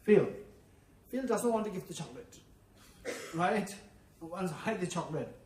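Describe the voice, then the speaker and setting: A man teaching as a Buddhist teacher, animated, acting out quoted voices and often asking "yes, no?", a native Tibetan speaker. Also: high voice, normal speed, a little hiss or hum. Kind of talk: dharma teaching. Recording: echoey room, from far off.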